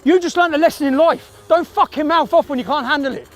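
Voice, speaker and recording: A man filming himself in a car park and shouting swear-laden accusations in a heated confrontation. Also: very high-pitched, quick pace. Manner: aggressive, swearing, repetitive accusations. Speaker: filmmaker confronting people on camera.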